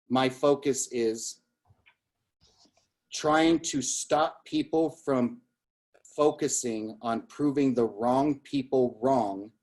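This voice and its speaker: Male guest coach, motivational talk, emphatic, repeats key points, storytelling, mid-range pitch. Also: a little mellow.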